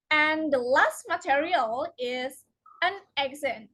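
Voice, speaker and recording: A woman's voice: high voice, takes it slowly, a bit bright, poor audio. A young woman reading out a prepared lesson, carefully stressing each example word, speaking English as a non-native speaker. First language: Indonesian. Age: young adult. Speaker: student presenter.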